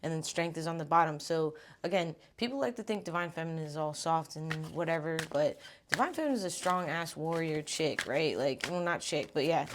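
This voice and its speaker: A young woman with a low voice reads tarot cards in a loose, chatty way. She talks informally, a little out of breath, and drops the odd swear word along the way. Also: animated, fairly quick, slight background noise. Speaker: tarot reader. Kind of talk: casual tarot reading.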